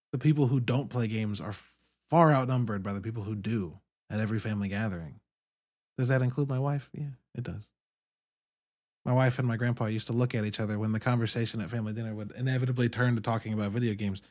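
A man in his thirties hosting a podcast, talking in a candid, profane, animated monologue. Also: medium pitch. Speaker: podcast host. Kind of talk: casual monologue.

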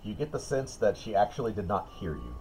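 A man narrating as dungeon master in a relaxed, descriptive way. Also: fairly low pitch, fairly quick, poor audio. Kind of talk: narrating a tabletop game.

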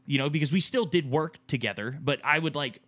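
Talking fairly quickly in a fairly high, fairly bright voice, a man in his thirties co-hosts a casual podcast chat. He relates an emotional story in a rambling way, restarting often and swearing now and then.

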